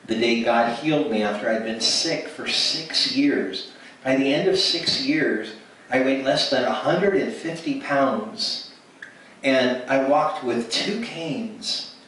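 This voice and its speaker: A man's voice: mid-range voice, bright, forceful tone. Man telling a testimony in an echoey hall. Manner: storytelling, acts out quoted dialogue with frequent restarts. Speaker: speaker at ministry event. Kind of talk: testimony sermon. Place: church hall. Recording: echoey hall from far off, faint noise.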